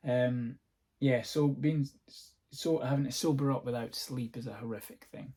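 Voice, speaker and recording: A man's voice: mid-range voice, fairly even intonation, normal speed, dark tone. Rambling Scottish man, casual podcast. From north-east Scotland. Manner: rambling, sweary, laughs easily. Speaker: comedian and podcast host. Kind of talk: casual solo podcast monologue. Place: at home on a sofa-bed seat.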